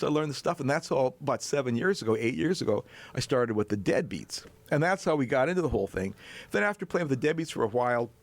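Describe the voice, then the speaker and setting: A man in his sixties from North Dakota, a bass player telling a long story as a guest, animated and chuckling as he goes. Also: no room sound. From North Dakota, USA. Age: 60s. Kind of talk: storytelling anecdote in a chat.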